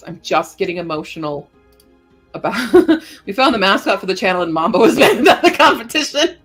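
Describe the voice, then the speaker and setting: A woman's voice: mid-range voice, very animated, fairly quick, a bit bright, breathy edge, faint music behind. A woman chatting casually on a writing livestream at home, gushing and giggly. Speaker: writing streamer.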